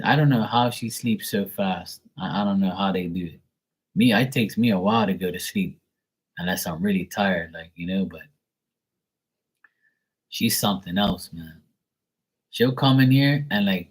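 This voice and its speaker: Heard through a rough recording, a man with a lowish voice speaking at normal speed hosts a tarot livestream. His casual chatter is loose and profane, peppered with "like."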